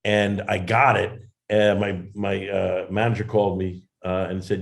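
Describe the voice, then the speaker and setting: A comedian guest telling an animated, self-deprecating anecdote in a casual interview. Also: male voice, low voice, normal speed, creaky.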